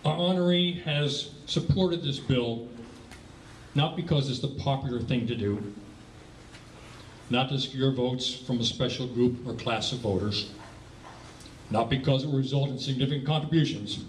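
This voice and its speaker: Man giving a formal award speech in an echoey hall. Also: medium pitch. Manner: measured and formal, read from notes. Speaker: award presenter. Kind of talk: prepared speech at an awards event. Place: banquet hall. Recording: echoey hall from far off with faint noise.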